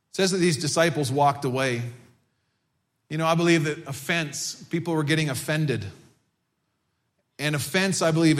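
A male pastor preaching a sermon to his congregation in a church, and at times he builds to a loud, fervent pitch. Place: church sanctuary.

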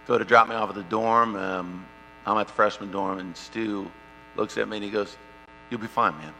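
Bright-voiced preacher in an echoing hall. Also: male voice, lowish voice, moderate pace. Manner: animated storytelling, swings from loud to hushed. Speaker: pastor. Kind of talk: sermon with personal story. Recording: long hall reverb, faint mains hum.

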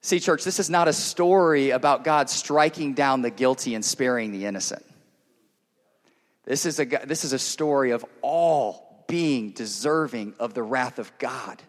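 A man preaching a sermon to his church, earnest and direct, moving between loud emphatic passages and hushed intimate ones. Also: mid-range voice, measured pace. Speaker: pastor. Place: church service. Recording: long reverb of a large hall.

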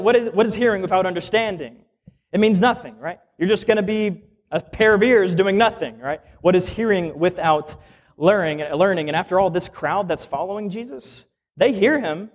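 A man, a minister, teaching a conversational sermon and often asking rhetorical questions. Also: high voice.

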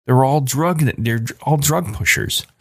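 A man's voice: medium pitch, a little slow, gravelly, a bit bright, no room sound, clean studio sound. A man in his forties delivering an angry, emphatic ranting monologue as a podcast host.

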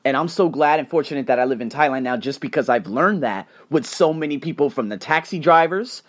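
A man hosting a solo podcast, talking bluntly with swearing and animated storytelling. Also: fairly high pitch, brisk. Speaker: podcast host.

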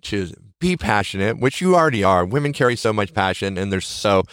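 A man's voice: lowish voice, expressive, brisk, a bit bright, smooth, dry recording, studio quality. A middle-aged man hosting a podcast, giving earnest, encouraging motivational talk that circles back to its key phrases. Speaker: podcast host.

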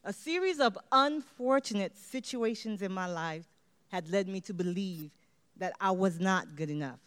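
Woman giving a pumped-up award speech, bright smooth voice, gets everyone chanting. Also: mid-range voice, animated, normal speed. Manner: rousing, leads call-and-response chants. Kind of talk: motivational acceptance speech.

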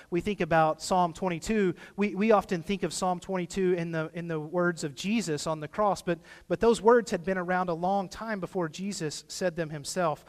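A man preaching a sermon in a casual, conversational way, rising at times into impassioned pleas. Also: high-pitched. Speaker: pastor. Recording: long hall reverb.

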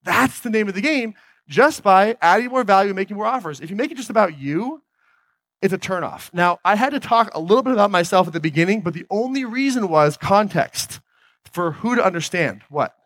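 A man giving an energetic motivational talk on stage, often asking the audience questions. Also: high-pitched, brisk. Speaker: motivational speaker.

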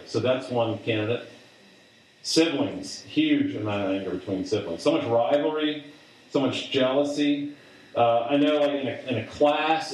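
A man's voice: mid-range voice, distant mic, slight background noise. Man preaching in an echoey hall. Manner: conversational, halting, many fillers and restarts. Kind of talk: sermon to a student group. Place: large room with audience.

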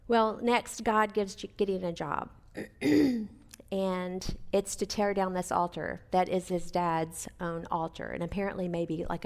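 A woman teaching a Bible study in a relaxed, conversational way, with a gravelly edge to her voice. She talks straight to her listeners and asks them questions as she goes. Her pitch sits in the middle range for a woman. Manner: chatty, asks listeners questions, many fillers.

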